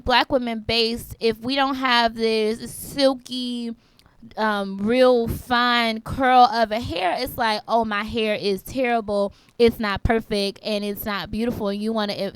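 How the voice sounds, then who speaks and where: A woman's voice: on the high side, a bit bright, smooth, dry recording. A woman co-hosting a podcast in casual chat, talking through her thoughts and repeating herself as she goes. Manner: chatty, repeats herself while thinking aloud. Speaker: podcast co-host.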